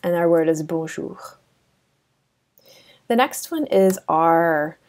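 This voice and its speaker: A woman's voice: on the low side, takes it slowly, darkish tone. A woman teaching a French lesson over a screen recording, chatty with many fillers and restarts.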